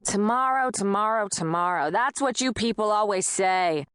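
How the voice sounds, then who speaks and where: A woman's voice: medium pitch, expressive, normal speed, a bit bright, clear, resonant tone, no echo, studio quality, pitched above the performer's own voice, close to an everyday voice. A woman voicing a nosy, bullying old male landlord with a thick rural Southern accent who hollers and mocks. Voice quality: hollering, mocking.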